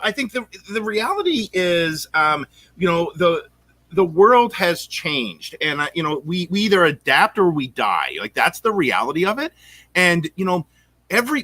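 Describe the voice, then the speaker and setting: A man from Canada hosts a relaxed podcast chat, his voice bright and slightly high for a man. He talks eagerly, circling back on himself with lots of fillers and restarts. The sound is close and dry. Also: dry recording. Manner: excitable, rambling with many fillers and restarts. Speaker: podcast host and real estate coach.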